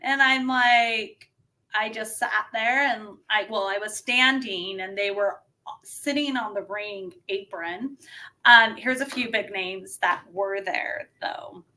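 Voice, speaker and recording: A woman wrestler telling a story casually as a podcast guest, animated and laughing, with lots of filler words. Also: medium pitch, slow.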